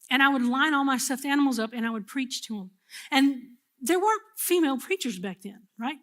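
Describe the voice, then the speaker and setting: A middle-aged woman pastor preaching a sermon, telling a personal story in an animated, humorous way. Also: on the high side.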